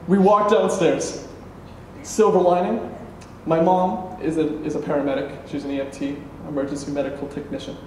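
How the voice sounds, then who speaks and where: A man performing a true story live on stage, animated, acting out the other people's lines and laughing as he tells it. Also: high-pitched, unhurried, pauses often. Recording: echoey room, mic at a distance, faint background noise.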